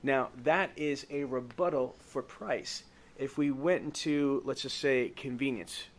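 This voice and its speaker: A man's voice: mid-range voice, a little slow. A man running a live sales training with role-play, coaching in an emphatic way that stretches key words and keeps checking the group agrees.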